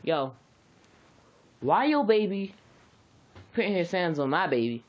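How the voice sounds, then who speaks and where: A narrator voicing a fierce, protective mother who threatens a bully in sassy slang, with the voice pitched lower. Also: sing-song, measured pace, muffled recording. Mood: threatening.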